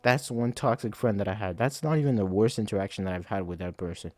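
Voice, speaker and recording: A young man hosting a podcast, telling a story in a profane, animated late-night monologue. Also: lowish voice, fast, no echo, soft background music. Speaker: podcast host.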